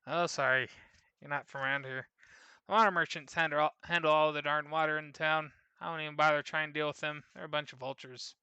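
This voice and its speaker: A man's voice: a little high, little pitch movement, a little fast, pushed and bright, smooth, dry recording. A man reading aloud the lines of a boastful, folksy caravan trader. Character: gruff male caravan trader. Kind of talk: reading game dialogue aloud.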